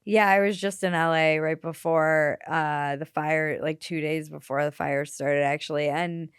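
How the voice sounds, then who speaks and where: A woman's voice: low voice, a little slow, clear, resonant tone, dry recording, studio quality. A woman hosting a podcast, speaking expressively and swearing freely as she retells events. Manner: expressive, swearing, quotes people in lively retellings. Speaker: podcast host. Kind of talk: casual podcast conversation.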